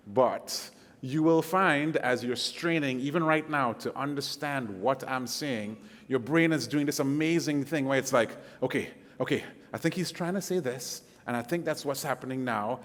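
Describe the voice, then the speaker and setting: A man's voice: mid-range voice, normal speed, a bit bright. A middle-aged man with a Caribbean accent, giving a casual, self-joking guest sermon full of fillers. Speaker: guest preacher. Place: church sanctuary. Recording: long hall reverb.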